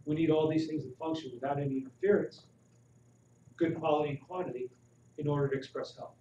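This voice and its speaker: A man giving a live health talk to an audience, asking them questions with animated emphasis. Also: on the high side, quick pace. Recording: roomy, distant, dull audio with faint noise.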